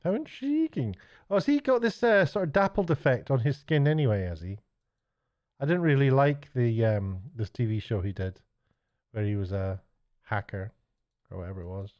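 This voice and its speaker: A man's voice: medium pitch, animated, moderate pace, a little mellow. A middle-aged man rambling chattily through a late-night vlog, stumbling and restarting as he mocks himself. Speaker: YouTuber and TV director. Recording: dull lo-fi sound.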